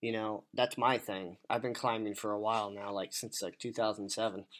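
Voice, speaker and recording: A man's voice: lowish voice, flat delivery, normal speed, a bit bright. A man co-hosting a podcast, chatting casually, swearing often and telling rambling stories. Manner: profane, rambling storyteller; acts out voices in his stories. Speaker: podcast co-host.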